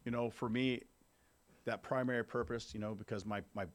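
This man in his fifties speaks at a recovery meeting, giving the group a candid personal testimony. His voice is medium in pitch and steady in tone at a normal speed, and he talks conversationally while checking in with his listeners.

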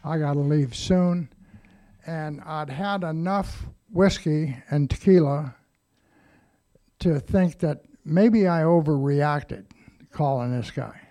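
A man's voice: fairly high pitch, takes it slowly, warm tone. An older man telling his own recovery story to a group in a plain-spoken, wry and blunt way, with some swearing.

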